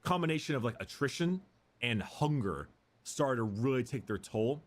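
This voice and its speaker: A man's voice: medium pitch, animated, normal speed. A man casually retelling a story in a rambling way, with many fillers. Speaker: lore explainer.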